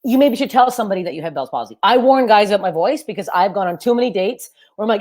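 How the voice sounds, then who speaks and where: A young woman with a low, deep voice, performing a loud, energetic, self-deprecating stand-up set over a webcam. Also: very fast, few pauses. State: sweaty and overheated. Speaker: stand-up comedian. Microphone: webcam for a virtual show.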